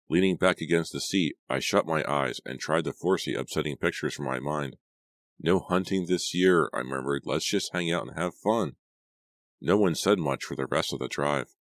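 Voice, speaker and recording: A man reading a young adult horror novel aloud as a steady audiobook narrator. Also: rumbling low, normal speed, no echo. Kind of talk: scripted narration.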